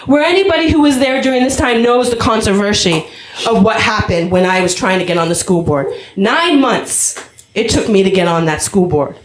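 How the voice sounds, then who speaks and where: Impassioned woman speaking in a roomy hall. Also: a little high. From Vermont, USA. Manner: earnest, impassioned, emotional. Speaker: public commenter. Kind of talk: public comment at town meeting. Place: town meeting hall.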